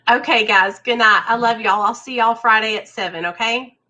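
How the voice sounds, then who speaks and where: A woman with a high voice talks in blunt, caring words to a friend. Her tone is bright and clear. She pleads with him as she talks. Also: steady tone, measured pace, a little hiss or hum. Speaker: host. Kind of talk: casual chat.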